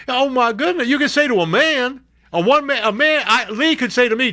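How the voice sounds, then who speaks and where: A man hosting a show, reading news stories aloud and breaking off into sarcastic, animated commentary. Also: brisk, no room sound, studio quality. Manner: animated, sarcastic asides, jumps to high exclamations. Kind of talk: casual political commentary.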